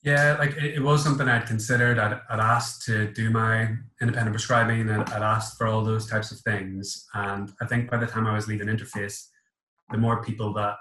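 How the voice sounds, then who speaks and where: A man with a Northern Irish accent, a pharmacist talking in a relaxed, matter-of-fact way in a casual podcast chat. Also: lowish voice, roomy sound, low-quality recording. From Northern Ireland. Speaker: pharmacist guest.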